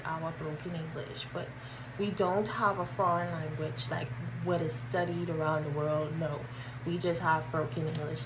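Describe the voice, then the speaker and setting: Bahamian woman, lowish voice, earnest chatty vlog talk, clear background noise. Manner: earnest, chatty, effortful standard English. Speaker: content creator.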